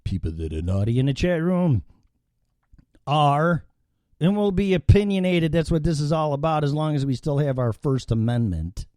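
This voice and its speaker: A man's voice: mid-range voice, animated, normal speed, darkish tone, no room sound. A man hosting a live opinionated talk show from an indoor studio, rambling and swearing freely. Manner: profane, rambling and ranting.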